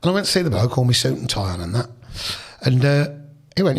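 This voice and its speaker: A middle-aged man from Leicester, England, guests on a podcast for a casual storytelling interview, speaking fast in a husky, mid-range voice. His rambling, animated stories keep tripping over restarts, and he slips into voices for people he quotes.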